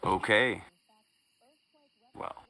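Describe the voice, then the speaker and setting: A man's voice: very slow, bright, forceful tone, rough recording. A man co-hosting a podcast, teasing the others and running a joke into the ground in casual banter. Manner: teasing, repeats jokes. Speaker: co-host.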